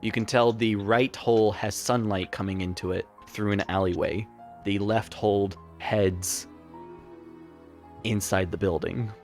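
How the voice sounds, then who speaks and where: A man narrating as game master in a tabletop game, relaxed and full of fillers. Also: fairly low pitch, measured pace, soft background music. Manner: relaxed, hesitant, many fillers.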